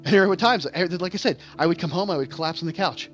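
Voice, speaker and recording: Talking candidly over game music, a vlogger who performs on stage rambles through a casual monologue, often repeating himself and restarting. His voice is fairly high and a bit bright, his pace quick, and the recording's highs are cut off.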